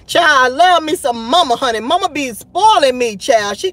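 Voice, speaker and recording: A woman in her thirties hosting a live stream, chatting in a lively, gossipy way and calling her viewers "child" and "honey". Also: high voice, normal speed, dry recording. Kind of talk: casual live-stream chat.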